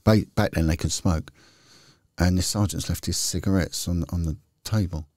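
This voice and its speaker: This middle-aged podcast guest, a former police detective, tells candid, rambling stories in casual chat and keeps restarting as he goes. His low-pitched voice is steady and darkish, at a normal speed. The recording is dry and clean, made in a studio.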